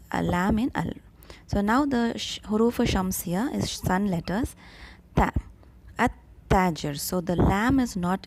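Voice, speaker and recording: A woman's voice: mid-range voice, darkish tone. A woman teaching an Arabic grammar lesson, patiently repeating each example word with small fillers. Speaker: Arabic tutor. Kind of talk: step-by-step language lesson.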